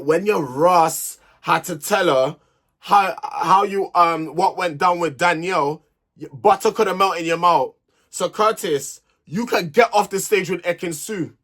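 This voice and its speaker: A young man with a fairly high voice delivers a sassy, exasperated reality TV review. He talks straight at the people on the show as though they could hear him. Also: a bit bright. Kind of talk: animated solo review rant.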